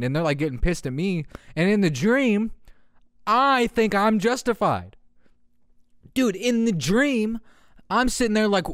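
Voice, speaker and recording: A man in his early twenties hosting a podcast, telling a story in a casual, profane, animated way and laughing often. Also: high-pitched, normal speed, smooth, no room sound, studio quality. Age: early 20s. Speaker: podcast host.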